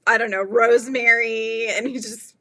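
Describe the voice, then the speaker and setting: Bright-voiced giggly woman chatting live. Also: on the high side, fairly even intonation, moderate pace. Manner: giggly, chatty, reads viewer comments aloud. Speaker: livestream host chatting with viewers. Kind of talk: casual live-stream chat while crocheting.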